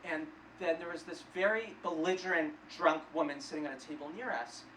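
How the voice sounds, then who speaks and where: Young man, stand-up comic, self-deprecating, awkward storytelling, distant mic, roomy club with loud crowd noise. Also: on the high side, fairly quick. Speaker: stand-up comedian. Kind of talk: stand-up comedy set. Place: comedy club stage before a live audience.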